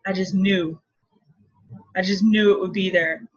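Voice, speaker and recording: A woman's voice: medium pitch, fairly even intonation, takes it slowly, breathy edge. A woman in her thirties, a marketing coach, teaching casually and playfully while laughing often. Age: 30s. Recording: dull lo-fi recording.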